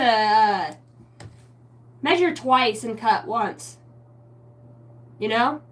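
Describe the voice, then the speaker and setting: Excitable, foul-mouthed woman reading tarot. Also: fairly high pitch, drawn-out words, long pauses, distant mic. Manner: excitable, swears constantly, stream of consciousness. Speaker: tarot reader. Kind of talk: rambling spiritual tarot reading.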